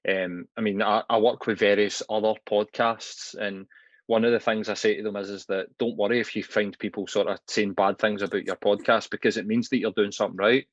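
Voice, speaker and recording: A man's voice: fairly low pitch, steady tone, brisk, no echo. A man, co-hosting a podcast and chatting in an easygoing way, with a few hesitant restarts. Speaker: podcast co-host. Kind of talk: casual interview chat. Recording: dry, dull lo-fi sound.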